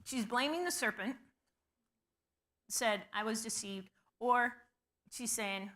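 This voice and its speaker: A woman teaching a Bible study in a conversational way, posing questions to the class and pausing with frequent ums. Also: on the high side, a bit bright.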